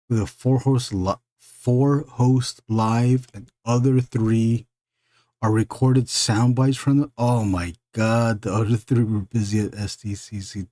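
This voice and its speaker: A man's voice: mid-range voice, warm tone, dry recording, clean studio sound. A man hosting a live stream, chatting casually and rambling, with frequent fillers and laughs. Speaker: live stream host and illustrator.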